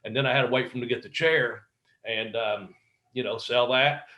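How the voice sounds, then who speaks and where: A middle-aged man tells wrestling stories in a loose, rambling way. His voice sits at an ordinary middle pitch. He acts out quotes and swears freely. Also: normal speed, bright, forceful tone. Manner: rambling anecdotes with acted-out quotes and profanity. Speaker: wrestler telling stories as a podcast guest. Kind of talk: casual storytelling interview.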